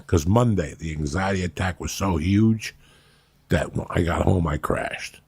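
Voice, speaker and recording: A deep, heavily gravelly man in his fifties spins a rambling, profane story and laughs as he goes. His voice is rough and husky, recorded dry and close on a studio microphone. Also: a little slow, a little mellow, no echo. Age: 50s. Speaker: podcast host. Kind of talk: casual storytelling chat.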